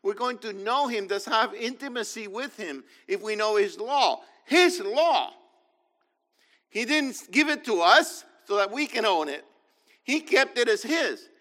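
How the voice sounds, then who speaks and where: A man's voice: sits high, expressive, normal speed, pushed and bright, long reverb tail. A man teaching a sermon, emphatic, often repeating points and asking the listeners "okay?".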